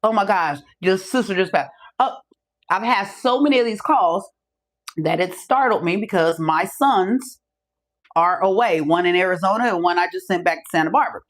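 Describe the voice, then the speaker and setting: A middle-aged woman with a lowish, animated voice speaks at normal speed, hosting a podcast from a room at home. In a casual, profane storytelling monologue, she acts out the voices of the other people involved.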